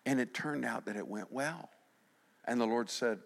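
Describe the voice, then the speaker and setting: A middle-aged man preaching a sermon, animated, swinging between loud emphasis and hushed passages. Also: medium pitch, normal speed, gravelly. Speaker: pastor.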